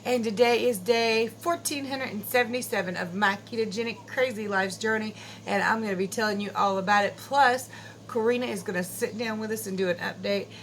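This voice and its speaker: A woman's voice: mid-range voice, a little hiss or hum, low-quality recording. A middle-aged woman chatting casually and goofily as a vlogger at home, laughing easily. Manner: goofy, chatty, quick to laugh. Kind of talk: casual chat.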